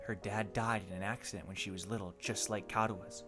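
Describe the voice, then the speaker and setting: A young man streaming a story game, reacting with excitable, animated speculation. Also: on the low side, fairly quick, music in the background. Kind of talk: live let's play commentary.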